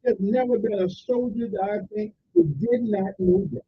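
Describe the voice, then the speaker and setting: Gravelly fired-up male talk radio host. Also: high voice, big pitch swings, moderate pace, dull audio. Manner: indignant, ranting, emphatic. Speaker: radio call-in show host. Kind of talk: opinionated talk radio commentary.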